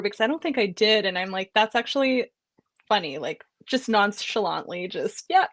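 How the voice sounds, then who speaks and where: A woman's voice: fairly high pitch, animated, normal speed, a bit bright, no room sound. A woman in her thirties chatting casually and laughing easily as she tells a story. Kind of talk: casual chat. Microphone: home mic on a video call.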